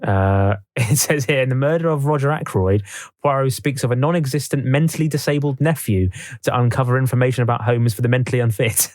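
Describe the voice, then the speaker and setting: A man's voice: medium pitch, brisk, darkish tone, dry recording. A man co-hosting a podcast, reading from notes in a dry, casual way. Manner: reads from notes, dry, laughs easily. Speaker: podcast co-host.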